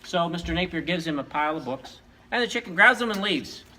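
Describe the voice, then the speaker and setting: A man's voice: on the high side, expressive, a little fast, bright, forceful tone, slight background noise, low-quality recording. A man, a teacher, telling long joke stories during school announcements in a playful, rambling way. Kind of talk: joke storytelling.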